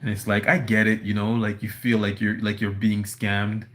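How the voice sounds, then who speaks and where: A man at home, a dog nearby, reads his livestream chat aloud and responds in a casual, rambling monologue, earnest and thick with "you know." His voice is fairly low and flat, at a moderate pace.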